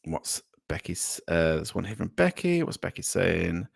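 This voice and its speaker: Lowish-voiced British man hosting a livestream. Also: very animated, unhurried, vocal fry, no room sound, clean studio sound. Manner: chatty, rambling, with frequent ums and laughs; effusive thanks, voice jumping up for donors. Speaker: livestream host. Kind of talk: casual live chat, reading viewer comments.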